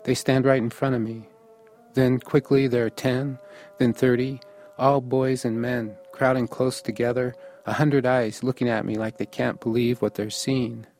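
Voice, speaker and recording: A man's voice: mid-range voice, level tone, normal speed, darkish tone, soft background music. A man from the United States narrating a first-person story in a matter-of-fact, observational way.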